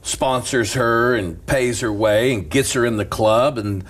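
A middle-aged man, a pastor, telling a story in an animated, preacher-like way and laughing as he goes. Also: mid-range voice, unhurried. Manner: lively, laughs through stories, preacher's cadence.

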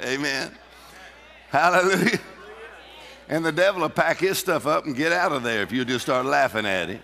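A man preaching with a gravelly, bright edge to his voice. He calls out to the congregation and breaks into bursts of deliberate laughter, and long reverb from a church hall trails each phrase. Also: on the high side. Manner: fervent preaching with call-and-response and repeated laughter. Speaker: pastor. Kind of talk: sermon.

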